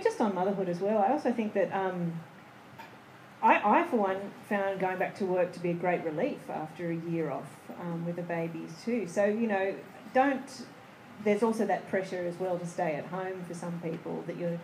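A woman's voice: fairly low pitch, moderate pace, a little mellow, roomy sound, slight background noise, rough recording. A woman on a discussion panel, speaking earnestly and conversationally.

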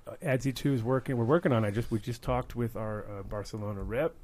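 A man's voice: mid-range voice, crowd noise. A man co-hosting a podcast in rambling, jokey casual chat. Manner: rambling, jokey, talks fast. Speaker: podcast co-host.

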